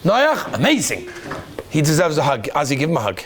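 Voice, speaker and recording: A man teaching a lively classroom lesson as a rabbi, quizzing students by name and praising their answers. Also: fairly high pitch, brisk.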